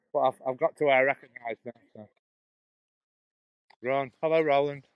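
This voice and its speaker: A man's voice: mid-range voice, fairly even intonation, unhurried, clear, resonant tone, no room sound, phone-quality sound. Middle aged potteries guy, drops his h's, rambling live stream chat on his phone outdoors, dry close sound. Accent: Stoke-on-Trent Potteries, dropped H's. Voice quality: chatty, laughing, restarting phrases. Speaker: vlogger live-streaming a walk. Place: outdoors on a muddy canal-side path. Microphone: phone held while walking.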